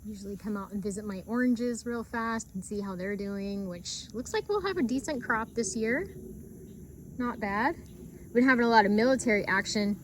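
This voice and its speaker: A middle-aged woman speaks into a handheld camera outdoors on a rural homestead. Her voice sits at an ordinary pitch, and her delivery is earnest and reflective, with a soft, heartfelt tone. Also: a little hiss or hum. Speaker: homesteading vlogger. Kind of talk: casual outdoor vlog talk.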